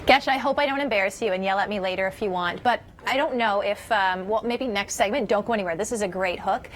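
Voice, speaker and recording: A woman's voice: mid-range voice, fast. A woman hosting a morning news show from the studio, joking with a colleague in a playful way and laughing often. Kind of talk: live studio banter.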